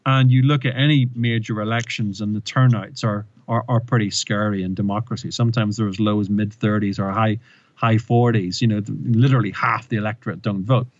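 A man's voice: on the low side, a little fast, dry recording, dull audio. A man in an interview, explaining a communication case study and telling stories with rising emphasis. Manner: animated storyteller, retells with rising emphasis.

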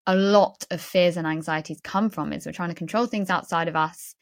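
A woman's voice: on the low side, steady tone, a little fast. A woman hosting a podcast interview, speaking in a reflective, thoughtful way. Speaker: podcast host.

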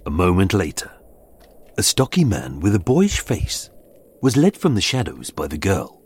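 A man narrating a scripted true-crime story in a measured, dramatic way, with suspenseful pauses. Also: deep voice, wildly swooping pitch, darkish tone, slightly rough. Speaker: podcast host and narrator. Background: faint background music.

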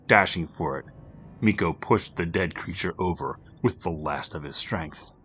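A man narrating a grim story for a podcast, swinging between loud urgency and hushed, near-whispered passages. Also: sits low, unhurried, a little hiss or hum.

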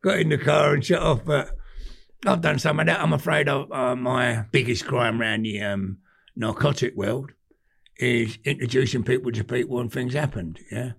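An older man with a London accent, a podcast guest telling animated stories in cockney slang, swearing freely. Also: mid-range voice, normal speed. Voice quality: gravelly, husky. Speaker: podcast guest, former gangster. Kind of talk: casual storytelling.

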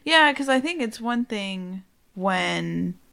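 Young woman host, smooth clear voice, casual chat, keeps asking curious follow-ups. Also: medium pitch, animated, slow, fairly bright tone. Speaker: podcast host.

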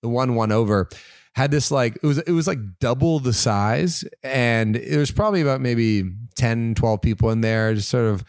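A young adult Canadian man co-hosts a podcast, telling a story in casual chat while laughing and swearing freely in an animated way. His voice is mid-range and his pace moderate. The recording is dry and of studio quality.

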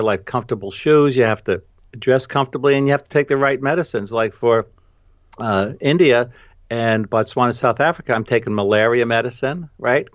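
A man's voice: mid-range voice, dry recording, dull audio. A man with a New York accent hosting a podcast, chatting casually and laughing easily with lots of "you know" fillers over a video call. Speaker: podcast host and photographer. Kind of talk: casual conversation.

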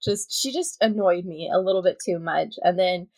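A woman's voice: fairly low pitch, normal speed, darkish tone, no echo. A young adult woman hosting a podcast in casual chat, talking freely and laughing often as she acts out her own reactions. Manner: chatty, laughs often, quotes herself in asides. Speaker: podcast host.

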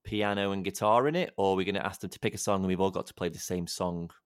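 A man's voice: sits low, fast, clear, resonant tone, dry recording, studio quality. A man co-hosting a channel, teasing his friends in casual, playful banter. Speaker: co-host.

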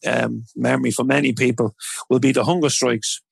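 A man's voice: mid-range voice, steady tone, a little fast, creaky, breathy edge, dry recording. A man interviewing a guest, asking hesitant, thoughtful questions.

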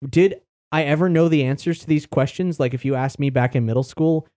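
A man's voice: a little high, a little fast, dark tone, no echo, clean studio sound. A man hosting a podcast, talking in a rambling, chatty way and casually swearing. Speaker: podcast host. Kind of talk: casual chat.

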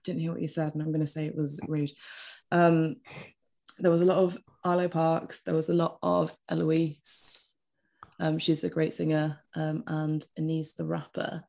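A woman with a notably low voice chats casually, pausing often with ums as she thinks. She sounds relaxed and unhurried. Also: creaky. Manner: relaxed, hesitant, with many ums. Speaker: podcast co-host. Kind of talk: casual chat on a call.

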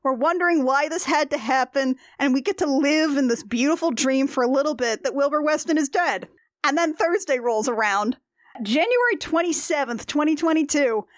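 A woman's voice: high voice, animated, moderate pace, no room sound, clean studio sound. A woman hosting a casual podcast, recapping a comic strip with exasperated sarcasm and frequent laughter.

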